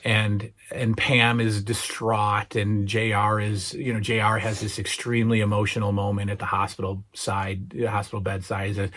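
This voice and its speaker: A lowish, monotone, slightly bright voice belongs to a middle-aged man hosting his channel, speaking at normal speed with few pauses. He talks casually and haltingly about memorable TV moments, full of fillers and restarts with some emotion, getting worked up as he retells scenes.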